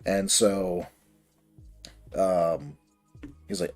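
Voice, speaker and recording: A man's voice: low-pitched, steady tone, takes it slowly, pauses often, a little mellow, soft background music. A man telling a long personal story in a rambling, casual way while building a model kit on a livestream. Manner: rambling, many fillers and restarts.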